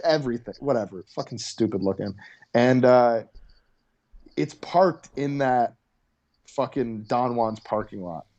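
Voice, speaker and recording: A man's voice: medium pitch, a little slow, a little mellow, dull audio. A young adult male comedian telling a story in casual chat over a video call, in an intense, profane way. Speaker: comedian guest.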